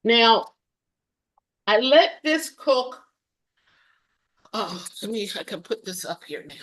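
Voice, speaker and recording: A woman guest casually demonstrating a recipe and telling her story, halting and correcting herself often. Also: a little high, sing-song, fairly bright tone. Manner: halting, self-correcting, many fillers.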